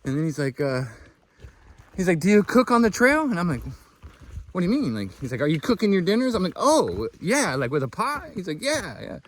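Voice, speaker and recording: A man's voice: high-pitched, a little fast. A man vlogging outdoors on a long wilderness hike, telling a story with lots of laughter and acting out the other people in it. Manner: excitable, laughs often, acts out both sides of a story. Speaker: thru-hiker vlogger. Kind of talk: casual storytelling to camera.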